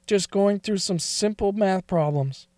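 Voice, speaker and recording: High-voiced man reading a confessional tale. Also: unhurried, a little mellow, no room sound, clean studio sound. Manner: confessional, wavering emotional delivery. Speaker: narrator. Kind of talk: first-person dramatic story reading.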